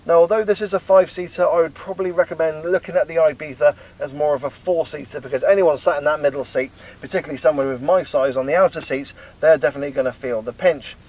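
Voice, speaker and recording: A man's voice: on the high side, steady tone, fast, hardly any pauses. A man, chatting through a car review, explaining the car as he sits in it and drives. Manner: chatty, explanatory, talks while driving. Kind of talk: casual car review talk. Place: inside a car, partly on the road. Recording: loud road and engine noise.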